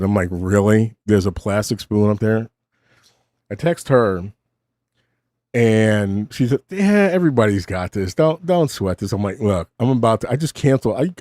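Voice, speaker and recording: A middle-aged man talks in a rambling, self-mocking way, and his voice swings widely in pitch. His tone is dark and mellow, and it sounds dry and close. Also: no echo. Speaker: host. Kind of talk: casual monologue. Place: home desk.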